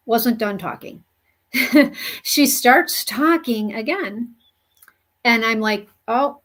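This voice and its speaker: A woman medium telling a story in an earnest, unhurried way, with many "you know" fillers. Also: mid-range voice. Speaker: spiritual medium. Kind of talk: storytelling monologue.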